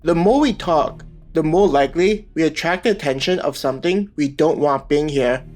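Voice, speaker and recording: A man reading the lines of a stubborn young woman survivor in an audiobook, in a plain, even manner. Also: fairly high pitch, moderate pace, soft background music, close to an everyday voice.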